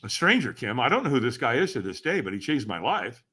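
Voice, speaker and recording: A man guesting on a podcast, telling a story with animated energy and acting out the dialogue. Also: medium pitch, quick pace, husky. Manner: acts out quoted dialogue, emphatic and lively.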